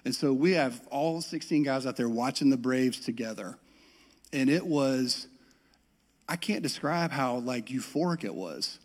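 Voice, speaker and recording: A man's voice: mid-range voice, lively intonation, unhurried. A middle-aged man from the US South with a Southern accent, telling a self-deprecating personal story in a sermon. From Metro Atlanta, US South. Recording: long reverb of a large hall.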